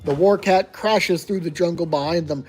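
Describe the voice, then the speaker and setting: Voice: mid-range voice, normal speed, loud music behind the voice. A player reading a choose-your-own-adventure gamebook aloud, narrating evenly and making wry asides.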